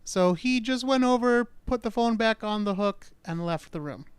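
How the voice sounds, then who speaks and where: A man's voice: sits high, normal speed, clear, resonant tone, no echo. A man hosting a podcast, casually telling a true-crime story in a chatty, self-mocking way. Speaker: podcast host.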